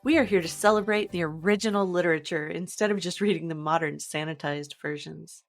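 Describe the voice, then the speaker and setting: A woman podcast host reading a steady, scripted introduction. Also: fairly low pitch, fairly quick, no echo, clean studio sound, faint music behind.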